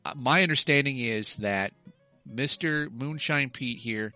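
A co-host with a dry, wry way of asking questions in casual banter. His voice is bright and crisp, with faint music underneath. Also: mid-range voice, unhurried. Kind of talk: casual comedic chat.

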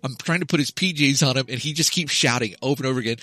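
Bright-voiced rambling storytelling man. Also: medium pitch, fast talker, few pauses, no echo. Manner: rambling storyteller, swears freely. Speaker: podcast co-host. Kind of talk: casual comedic chat.

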